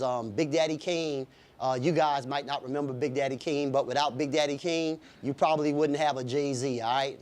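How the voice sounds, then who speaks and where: A man's voice: medium pitch, a little mellow. A man speaking as a visiting hip hop educator, giving an upbeat talk to a class of students with many fillers and frequent check-ins.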